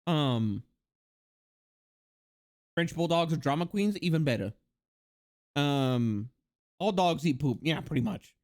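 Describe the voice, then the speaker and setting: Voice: mid-range voice, lively intonation, takes it slowly, pauses often. A livestreamer in casual chat, rambling and joking with many fillers and laughs.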